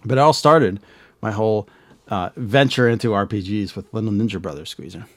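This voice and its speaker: Casual male podcast host, lowish voice, dry close sound, rambling and profane with constant fillers. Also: a little fast, no room sound. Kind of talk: casual nostalgic chat.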